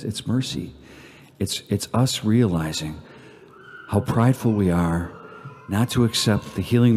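A man, a priest, giving an earnest homily at Mass that swings between emphatic peaks and hushed prayer. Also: low-pitched. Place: church. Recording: long church reverb.

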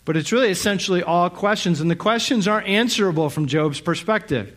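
A middle-aged male pastor preaching a sermon, reflective and searching, who asks many rhetorical questions and pauses on fillers. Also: high voice, a bit bright.

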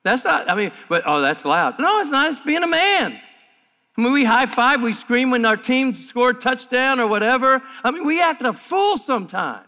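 Man, preaching, bright forceful voice, long hall reverb. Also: very animated, moderate pace. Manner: emphatic, humorous, gets louder and higher as he builds. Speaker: pastor. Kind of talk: sermon at a men's breakfast. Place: large room before an audience.

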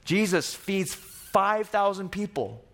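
Slow and very animated, a young pastor from Korea speaks in a high-pitched, fairly bright voice. He preaches dramatically, bringing his stories to life by voicing the disciples and Jesus.

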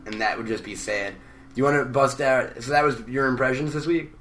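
A man co-hosting a podcast in casual chat, energetic and joking and swearing freely. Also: medium pitch, fairly quick.

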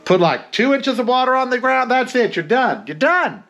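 Campy, lively-voiced man chatting while cooking. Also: extremely high pitch, moderate pace, faint music behind. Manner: campy, sassy, theatrical asides. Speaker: cooking vlog host. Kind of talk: casual cooking chat. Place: home kitchen.

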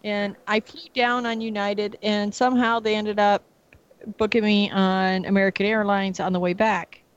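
A woman's voice: medium pitch, level tone, moderate pace, clean tone. A woman telling a long anecdote in casual chat, laughing often as she goes. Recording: dull lo-fi audio.

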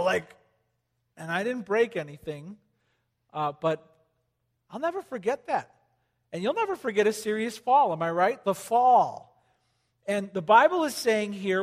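A man preaching a sermon to a congregation, talking conversationally and animatedly, with sudden loud emphasis and quiet drops. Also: sits high, sing-song, normal speed. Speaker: pastor. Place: church hall with congregation. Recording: long hall reverb.

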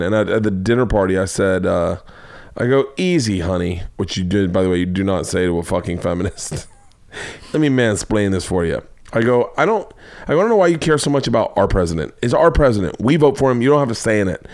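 A middle-aged man hosting his own podcast, rambling through stories in a loose, profane, comedic monologue. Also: fairly low pitch. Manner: profane, rambling, animated storytelling. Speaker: podcast host.

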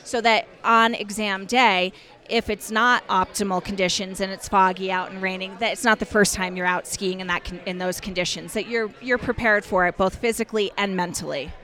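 A woman ski instructor speaking in a measured, thoughtful way in an outdoor interview. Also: medium pitch, steady tone, sharp tone.

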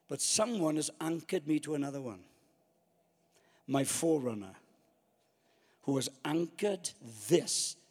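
A man's voice: a little high, long reverb tail. A man preaching a storytelling sermon, acting out his own past thoughts.

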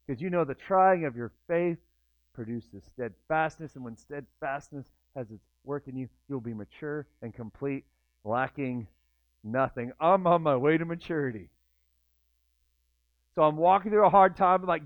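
A man's voice: medium pitch, moderate pace, clear, resonant tone, no echo. A man preaching a sermon in a conversational way, acting out the inner voices of his listeners. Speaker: pastor. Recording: tinny phone-like dry sound.

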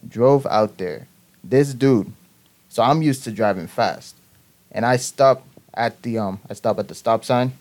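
A man's voice: mid-range voice, a little slow. A young man from the Boston area, telling a story in casual chat with friends and acting out the voices he quotes. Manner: animated storytelling, acts out quoted voices, laughs through lines.

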